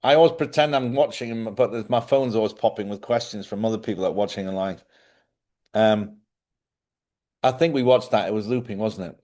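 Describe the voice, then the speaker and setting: A man's voice: lowish voice, a little fast, a little mellow. A middle-aged man hosting a live stream, telling rambling stories in casual chat. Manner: rambling anecdotal storytelling.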